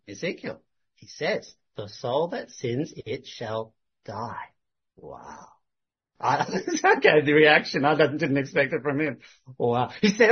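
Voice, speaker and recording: A man, telling a story of a street conversation in a casual, animated way and often laughing. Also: fairly high pitch, breathy edge. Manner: animated, laughing, quoting others in lively voices. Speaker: street evangelist. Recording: dull lo-fi sound.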